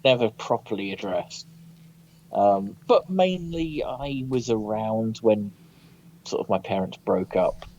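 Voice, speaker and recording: A man's voice: lowish voice, lively intonation, takes it slowly, warm tone. A man calling in to a radio show, speaking hesitantly with many restarts. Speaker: caller. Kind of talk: casual phone-in chat. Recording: dull phone-in line.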